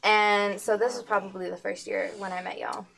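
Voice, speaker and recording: A woman's voice: medium pitch, moderate pace, creaky, slight background noise, rough recording. Chatty young woman from Colorado. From Colorado, USA. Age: 20s. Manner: animated, chatty storytelling. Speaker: podcast co-host. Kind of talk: casual group chat.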